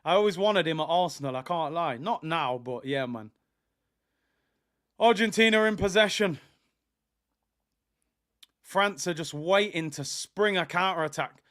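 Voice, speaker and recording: A young man hosting a live football watch-along, talking in casual slang and shouting excitedly at chances. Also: a little high, measured pace, long pauses.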